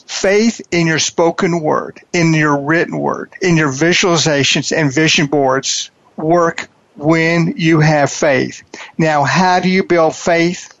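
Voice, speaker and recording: A man hosting a coaching interview, talking in a preachy, emphatic way and repeating his key phrases slowly. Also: on the high side, a bit bright, no echo, highs cut off. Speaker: podcast host and wealth coach.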